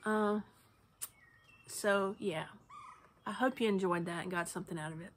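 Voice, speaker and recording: Choked-up woman, earnest and soft. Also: medium pitch, moderate pace, pauses often, a little hiss or hum. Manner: earnest, soft, drops to a near whisper at times. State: choked up, tearful. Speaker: banjo teacher. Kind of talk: heartfelt casual talk about faith.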